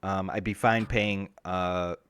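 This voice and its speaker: Male co-host, low, dry close mic, relaxed chatty delivery. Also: slow, smooth, no room sound. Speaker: podcast co-host. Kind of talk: casual chat.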